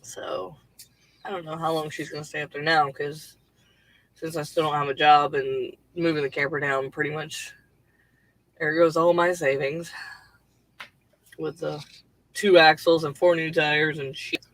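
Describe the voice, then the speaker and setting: A woman's voice: low-pitched, little pitch movement, a little slow, pauses often, no echo, low-quality recording. A woman hosting a casual livestream from her home computer on a headset, rambling loosely with lots of fillers and the odd swear word. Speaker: livestream host and writer.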